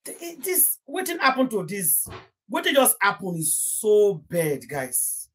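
Husky-voiced young Nigerian woman, gossip livestream host, rambling and heartfelt. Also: mid-range voice, big pitch swings, a little slow. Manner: rambling, emotional, mixing Pidgin into English. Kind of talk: casual live-stream chat.

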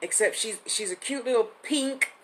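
A woman's voice: a little high, normal speed, slightly rough, poor audio. Chatty woman in her fifties. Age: 50s. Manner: chatty and affectionate, rambling with restarts. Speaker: psychic medium host. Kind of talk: live-streamed reading.

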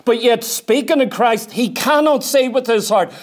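High-voiced earnest male preacher. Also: moderate pace. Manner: earnest, emphatic, repeats key points; reads scripture aloud in King James wording. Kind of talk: sermon. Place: church.

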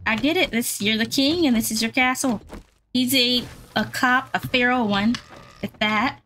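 A woman giving casual gameplay commentary, chatting to her viewers and getting excitable during fights. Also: on the high side, normal speed, background noise. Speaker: gaming YouTuber.

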